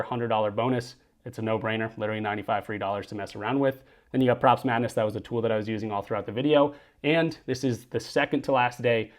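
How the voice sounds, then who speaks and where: A man hosting a sports betting picks show, running quickly through his bets and plugging promo codes. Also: fairly even intonation. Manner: brisk, upbeat sign-off pitches. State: out of breath. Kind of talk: fast betting picks rundown.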